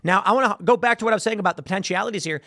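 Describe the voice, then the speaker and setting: A man's voice: high-pitched, rapid-fire, sharp tone, no echo. Rambling male political commentator, dry studio. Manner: rambling, repeats words, reads headlines aloud. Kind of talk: solo news commentary.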